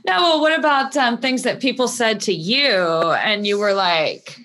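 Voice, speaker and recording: A woman's voice: a little high, normal speed, fairly bright tone. A woman interviewer asking encouraging questions in a casual chat.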